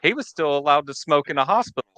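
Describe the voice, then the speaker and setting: Man in his 40s, halting memory-teller, bright, crisp tone, dry close sound. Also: a little high, expressive, no echo. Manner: halting, restarts while recalling memories. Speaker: family member telling ghost stories. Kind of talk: casual storytelling chat.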